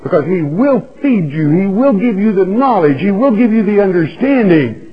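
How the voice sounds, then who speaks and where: A man preaching a sermon, who reads scripture aloud and puts questions to his listeners in a slow, emphatic way. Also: high voice, sing-song. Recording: dull lo-fi sound.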